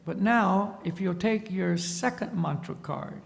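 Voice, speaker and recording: A man's voice: sits high, unhurried, vocal fry, in a large hall. A man, a spiritual teacher, telling a story in a lecture to an audience and often checking in with a questioning "see?". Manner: tags points with a questioning "see?".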